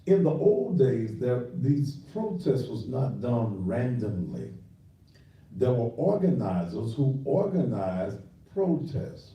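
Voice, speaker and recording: A man's voice: mid-range voice, sing-song, slow pace, very echoey, distant mic, lo-fi sound. An older man hosting a talk show, lecturing his listeners in a preachy, scolding way. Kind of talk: radio commentary.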